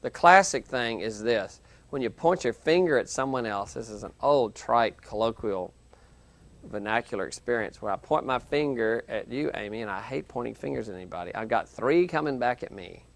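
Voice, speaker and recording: A man lecturing a university class in a conversational, animated way, acting out quoted reactions. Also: medium pitch, moderate pace, vocal fry. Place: lecture hall, televised class.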